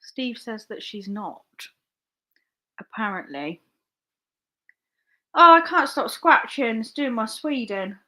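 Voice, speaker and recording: A young woman chats on a live stream in a rambling, casual way, laughing often and swearing freely. Her voice is quite high and very bright. She drifts from one memory to the next with easy humour. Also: very animated, slow pace, pauses often. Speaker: online reseller live-streaming.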